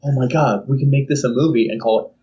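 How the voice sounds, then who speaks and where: A man's voice: medium pitch, fast talker, dark tone. A young man co-hosting a casual podcast, rambling through a story and acting out silly voices. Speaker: podcast co-host. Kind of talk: casual chat. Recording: distant, dull lo-fi mic.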